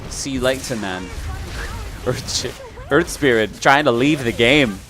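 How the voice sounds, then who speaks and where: A man's voice: mid-range voice, slow pace. A man casting a video game match live, calling plays and joking casually between them. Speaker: esports caster. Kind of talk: live play-by-play commentary.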